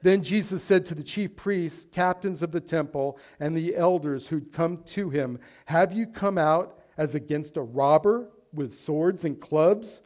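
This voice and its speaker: Pastor preaching in a church, reads scripture, asks the congregation to answer back, slightly higher man's voice. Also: a little slow, few pauses, darkish tone. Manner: preaching, reading scripture aloud and calling for congregation responses. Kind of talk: sermon. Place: church sanctuary.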